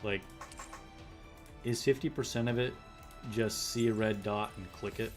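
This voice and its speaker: Relaxed unhurried male streamer chatting. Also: fairly low pitch. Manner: rambling, jokey, laughs at himself. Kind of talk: casual livestream chat. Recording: faint background music.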